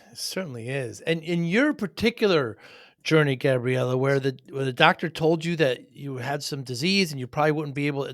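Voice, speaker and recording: A man's voice: fairly high pitch, a bit bright, dry recording, studio quality. A man hosting a podcast interview, asking his guest to tell her story. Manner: conversational, brief backchannels. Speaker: podcast host.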